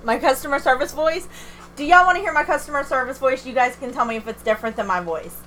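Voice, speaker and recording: Bright-voiced chatty woman streamer. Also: high voice, fast talker, a little hiss or hum. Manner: candid, chatty, self-deprecating, laughs often. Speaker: game streamer. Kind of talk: casual livestream chat.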